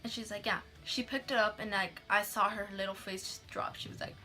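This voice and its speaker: A woman's voice: medium pitch, steady tone, brisk, pushed and bright, soft background music. A young woman telling a story in a casual vlog, chatty, swearing freely and acting out the people she quotes.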